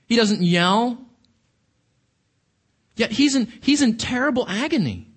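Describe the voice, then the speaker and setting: A man's voice: very high-pitched, animated, measured pace, husky. A man preaching a sermon in a conversational, emphatic way, with rhetorical questions to his listeners.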